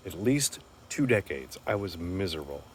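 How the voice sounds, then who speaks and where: A man with a fairly low voice talks in an earnest, rambling way, repeating words as he gathers his thoughts. It sounds like a casual, unscripted monologue. Faint background noise sits under the voice. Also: big pitch swings, moderate pace. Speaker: speaker sharing life reflections.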